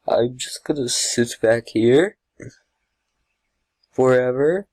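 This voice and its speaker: A man's voice: medium pitch, slow, darkish tone, dry recording. A man casually commenting on his own gameplay, talking to himself, easily startled and often laughing. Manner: jumpy, talks to himself, yelps and laughs. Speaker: gamer.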